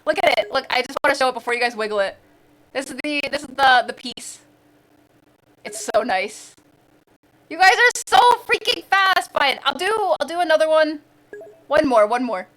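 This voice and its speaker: A woman's voice: high voice, lively intonation, moderate pace, pauses often, fairly bright tone. A woman from the central United States chatting casually on a live stream, bubbly and giggly, with sudden squeals.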